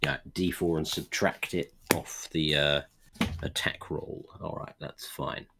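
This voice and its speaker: A man running a tabletop game as game master, calm and measured, with dry humor. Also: rumbling low, vocal fry, a little hiss or hum.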